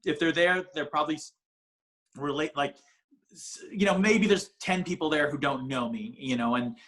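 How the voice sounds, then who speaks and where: A man's voice: on the high side, normal speed, fairly bright tone. A man, a comedian guest, talking casually on a podcast in a rambling way with many restarts. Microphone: ring light setup, home video call.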